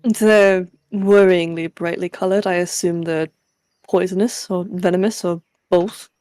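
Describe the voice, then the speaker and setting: A woman's voice: on the low side, fairly even intonation, measured pace, darkish tone, no room sound. A woman playing in a tabletop game, talking in a dry, wary, proper way. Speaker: player. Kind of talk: in-character table talk.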